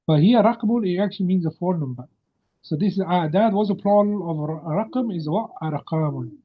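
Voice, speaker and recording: A man's voice: high-pitched, quick pace. A man teaching an Arabic grammar lesson over a video call, patiently quizzing his student. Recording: muffled video-call audio.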